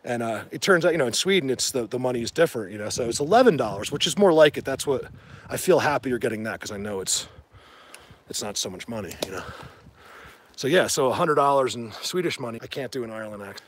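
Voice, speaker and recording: A man hosting a casual livestream from outdoors in the rain, talking excitedly to viewers through a handheld phone as he walks. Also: mid-range voice, quick pace, slight background noise. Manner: rambling, excitable, addresses viewers. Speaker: livestream host. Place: outdoors in woods during rain.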